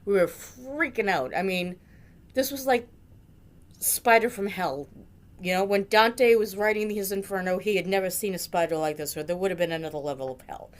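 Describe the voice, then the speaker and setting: A woman's voice: medium pitch, moderate pace. A middle-aged woman from Massachusetts telling a funny memory about a friend, with dramatic, jokey exaggeration. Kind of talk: storytelling tribute.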